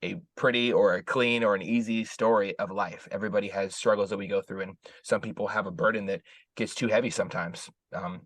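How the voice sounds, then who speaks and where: Male interview host; gentle, reassuring, repeats himself while searching for words; lowish voice, dry close mic. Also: fairly even intonation, fairly quick, dry recording. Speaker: podcast host. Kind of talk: interview conversation.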